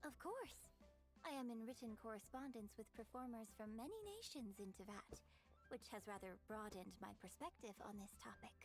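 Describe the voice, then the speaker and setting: A woman voicing a patient female opera teacher in a video game, speaking in a measured, instructive way. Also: on the high side, lively intonation, soft background music. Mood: calm, instructive.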